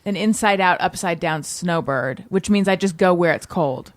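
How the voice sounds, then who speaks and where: A woman's voice: fairly low pitch, normal speed, dry recording. A woman hosting a comedy podcast who chats casually, laughs often and bubbles with enthusiasm. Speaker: podcast host.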